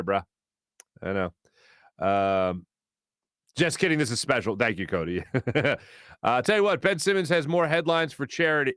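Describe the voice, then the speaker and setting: A man's voice: medium pitch, a bit bright, clear, resonant tone, no room sound. A man hosting a sports morning show from a radio studio, chatting casually and rambling as he greets viewers and reads their comments aloud. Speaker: sports radio host reading live chat. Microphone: studio microphone.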